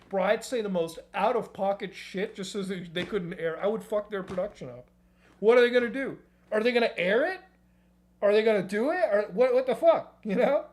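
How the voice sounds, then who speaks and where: A man's voice: high voice, brisk, a little mellow. A man streaming, ranting casually in a rambling, profane and joking way. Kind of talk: casual reaction-stream rant.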